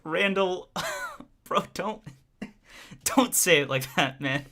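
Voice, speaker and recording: A man's voice: high-pitched, lively intonation, takes it slowly, bright, forceful tone. A young man co-hosting a podcast livestream, chatting casually with his audience, joking, laughing a lot and restarting his sentences. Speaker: podcast co-host.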